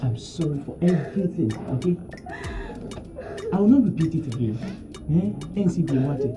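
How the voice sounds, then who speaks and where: A woman's voice: low voice, animated, normal speed, music in the background. An actress from Ghana playing a woman who keeps apologizing and pleading in a Ghanaian film.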